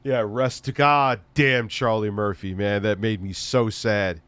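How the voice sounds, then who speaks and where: A man hosting a live stream, telling a story in casual chat with heavy swearing and an animated, laughing delivery. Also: fairly low pitch, unhurried, smooth.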